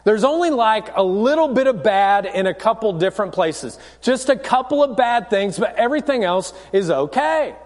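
A man's voice: high voice, animated, moderate pace, hardly any pauses, in a large hall. A man voicing a teenage boy who pleads and protests to his mother. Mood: pleading.

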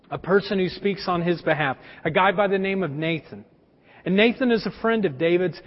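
A man preaching a sermon, telling a story and speaking straight to his congregation. Long hall reverb, dull lo-fi sound. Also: sits high. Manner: storytelling, direct address to the congregation. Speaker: pastor.

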